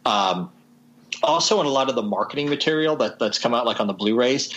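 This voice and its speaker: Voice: medium pitch, expressive, brisk, fairly bright tone, rough recording. A podcast co-host explaining things casually with some hesitation. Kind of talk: casual chat.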